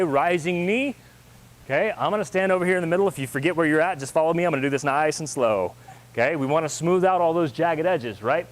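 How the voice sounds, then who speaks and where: Man calling counts in a class. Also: a little high. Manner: calls counts, brisk encouraging cues. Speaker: martial arts instructor.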